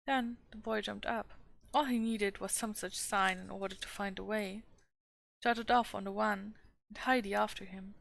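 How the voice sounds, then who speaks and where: A woman streamer reading a classic novel aloud with calm, steady narration. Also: medium pitch, vocal fry. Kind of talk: storybook read-aloud.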